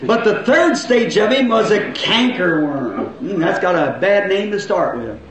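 A middle-aged man preaching a revival sermon to a congregation, in folksy rural grammar, asking questions and now and then breaking into shouts. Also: sits high, lively intonation, measured pace, over a noisy crowd. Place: church hall with congregation. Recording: very echoey old church recording.

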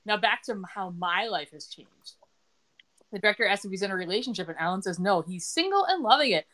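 A woman's voice: medium pitch, lively intonation, brisk, fairly bright tone. A middle-aged woman hosting a podcast, chatting casually as she retells TV scenes and quotes characters' lines. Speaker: podcast host recapping a TV episode. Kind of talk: casual chat.

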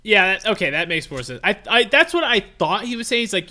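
A man co-hosting a podcast in casual chat, excitable and quick to act out his own reactions. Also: high voice. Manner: excitable, animated, acts out reactions in quotes. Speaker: podcast co-host.

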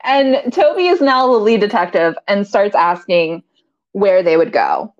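A woman's voice: mid-range voice, lively intonation, measured pace. A woman co-host giving a chatty recap of a TV episode, giggling often and slipping into voices for the characters. Her voice sits in a middle register. The recording sounds a little dull and lo-fi. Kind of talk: casual recap chat.

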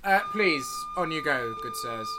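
A man's voice: a little high, expressive, loud music behind the voice. A man playing a fussy, polite city gate guard. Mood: fussily polite. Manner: formal, halting, with many fillers.

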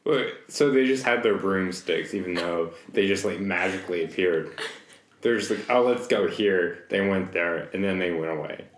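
A man's voice: sits low, normal speed. A man co-hosting a comedy podcast, talking in a wry, rambling way with lots of "like" and "you know". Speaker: podcast co-host. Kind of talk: casual comedic chat. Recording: roomy echo.

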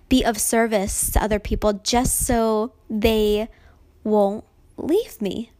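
A young woman in her twenties speaking softly and emotionally in a personal reflective vlog, at times dropping to a whisper. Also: on the high side. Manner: slow, soft-spoken and emotional, drops to whispers at times.

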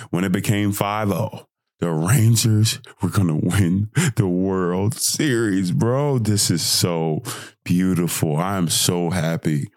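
A young man with a hoarse voice, hosting a casual solo podcast, bursting into excited shouts and dropping back into calm reflection. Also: deep voice, no echo, clean studio sound. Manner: excitable, swings from hyped shouting to quiet reflection. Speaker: podcast host.

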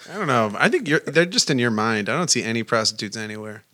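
A man co-hosting a casual chat, teasing his friend in a deadpan way. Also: mid-range voice, fast, no room sound, clean studio sound. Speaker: co-host.

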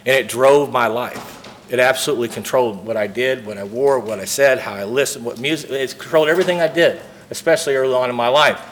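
A man's voice: mid-range voice, quick pace, slight background noise. A man speaking from a podium at a recovery convention, telling his story earnestly and acting out the dialogue. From St. Louis, Missouri.

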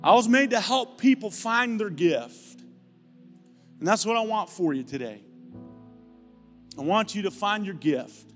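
Male pastor, higher voice, playful animated sermon, reverberant hall with faint music. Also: a little slow, pauses often. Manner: animated, storytelling with playful asides. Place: church sanctuary. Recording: live church hall with music.

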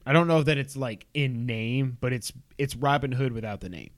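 A man running through gaming headlines on a casual podcast, dropping quick wry asides between items. His voice sits in a middle register and is recorded close and dry, with no room sound. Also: mid-range voice, no echo. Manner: rapid news rundown with wry asides. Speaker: podcast co-host reading gaming news. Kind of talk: casual chat.

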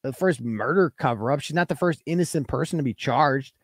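A man's voice: medium pitch, brisk, slightly rough, no room sound, studio quality. A man hosting a live web show, ranting in a brash, profane and combative way and reading out viewer donations. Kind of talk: casual livestream rant.

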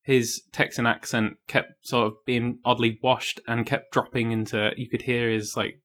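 A man co-hosting a casual chat about films, with a voice of ordinary middle pitch. He rambles, loses his thread and often breaks into laughter as he gives his opinions. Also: flat delivery, moderate pace, a bit bright. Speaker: podcast co-host. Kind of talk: casual film review chat.

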